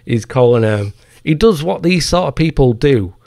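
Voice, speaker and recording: A man runs his own podcast and holds forth in a casual, foul-mouthed rant full of mockery. His voice is gravelly and sits at a middling pitch. The recording is dry and close, with no room sound. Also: lively intonation, moderate pace, a little mellow, no room sound. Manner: profane, heated ranting with mocking asides. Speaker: podcast host.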